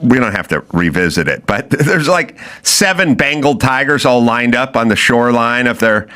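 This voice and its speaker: A man's voice: mid-range voice, moderate pace. A man hosting a podcast, ranting comedically and acting out the voices in his stories. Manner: animated, acts out voices, lots of fillers. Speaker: podcast host. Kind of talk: comedic opinion rant.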